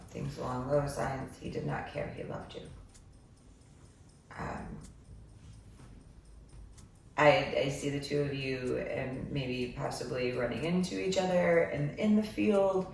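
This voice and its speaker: A woman's voice: low-pitched, vocal fry. A woman giving a psychic reading, talking in a meandering way with many filler ums. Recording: echoey room, far from mic, faint noise.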